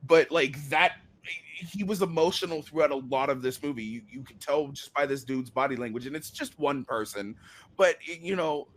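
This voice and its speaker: A man co-hosting a casual review chat, excitable, restarting his sentences and getting loud when worked up. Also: on the high side, moderate pace. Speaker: co-host.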